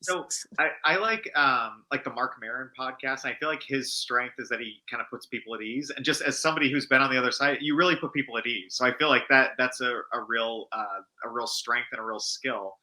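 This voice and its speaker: Male guest, mid pitch, very bright and tense tone, hesitant and halting in casual chat. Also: low-quality recording. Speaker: interview guest.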